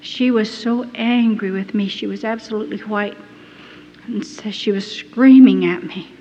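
A woman giving a personal testimony, telling her story in an earnest, halting and deeply moved way. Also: fairly even intonation, mellow, slight background noise. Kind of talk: emotional first-person storytelling. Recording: dull lo-fi recording in a reverberant hall.

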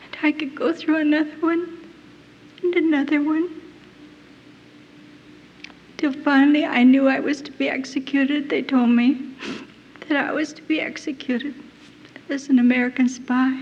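A woman's voice: sits high, steady tone, moderate pace, a little mellow, slight background noise. An older woman giving an earnest, heartfelt testimony to an audience as a missionary speaker. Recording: dull recording in a reverberant hall.

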